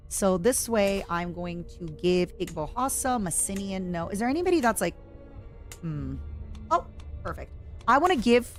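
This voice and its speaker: A chatty woman streamer talks through her strategy game in casual, self-mocking commentary, at a middle pitch for a woman. Now and then she breaks into excited shouts. Faint game music plays behind her.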